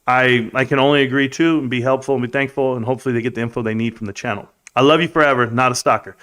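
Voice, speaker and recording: A man's voice: mid-range voice, steady tone, racing, fairly bright tone. A man in his thirties hosting a live stream, reading chat aloud and joking in a rambling, casual way. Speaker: livestream host.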